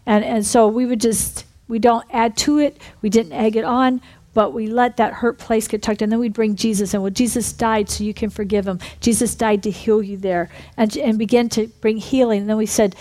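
A woman minister telling a story in a sermon, animated, breaking into shouted re-enactments. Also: fairly high pitch, moderate pace. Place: church building.

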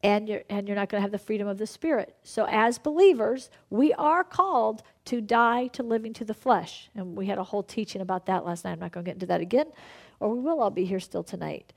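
A middle-aged woman preaching a conversational sermon, with animated asides and laughter. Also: mid-range voice, brisk, vocal fry.

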